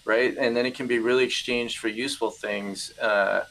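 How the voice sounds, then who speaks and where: A man's voice: medium pitch, steady tone, normal speed, fairly bright tone, poor audio. A man in a casual basement chat, thinking aloud with many fillers and hedges. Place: home basement.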